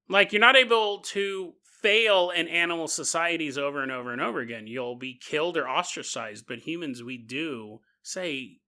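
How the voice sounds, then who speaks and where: Male podcast host, high bright voice, jokey solo monologue with acted-out asides. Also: moderate pace, hardly any pauses. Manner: animated, jokey, acts out quotes in voices. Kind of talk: comedic conspiracy podcast monologue.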